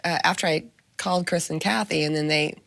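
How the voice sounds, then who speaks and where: Gravelly, lower-voiced middle-aged mother. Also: steady tone, fairly quick, fairly bright tone. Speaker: mother of the storyteller. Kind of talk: casual storytelling.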